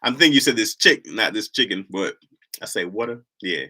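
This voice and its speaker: A man's voice: a little high, very animated, a little fast, bright, forceful tone. A man with a Michigan accent hosting a livestream, chatting casually in a slangy, rambling way and laughing often. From Lansing, Michigan, US. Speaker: livestream host.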